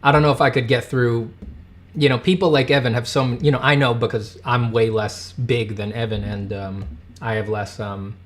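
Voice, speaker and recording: A man's voice: medium pitch, steady tone, normal speed. Angry man ranting on a livestream. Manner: heated, swearing, swings from shouting to muttering. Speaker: livestream host reading chat. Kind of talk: casual livestream rant.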